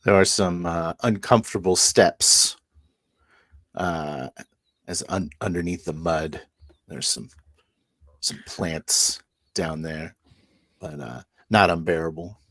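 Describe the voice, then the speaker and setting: A man narrating a tabletop game as game master, halting often with fillers and restarts. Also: deep voice, fairly bright tone, no echo.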